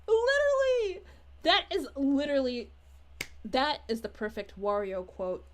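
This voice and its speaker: A woman's voice: high voice, lively intonation, measured pace, slight background noise. A woman voicing a sweet, bubbly young princess who chats with her livestream audience, gushing and giggly in a sing-song way. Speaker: character streamer reading chat. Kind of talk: in-character livestream chat.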